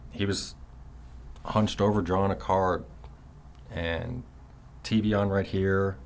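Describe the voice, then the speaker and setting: A man's voice: deep voice, a bit bright, a little hiss or hum. A man in his thirties telling a long story in a casual, rambling way, full of swearing and "you know"s. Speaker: son recounting his prison years.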